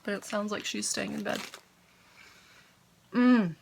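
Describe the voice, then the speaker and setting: A woman's voice: mid-range voice, fairly even intonation, slow, creaky, heavy background noise. A woman in her thirties from Canada, chatting casually to her viewers at home about knitting, easily sidetracked and sometimes talking with her mouth full. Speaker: knitting podcaster. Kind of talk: casual chat to camera.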